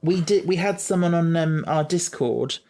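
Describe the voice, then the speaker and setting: A man co-hosting a podcast in casual chat, eager and quick to laugh. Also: on the high side, darkish tone. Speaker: podcast co-host.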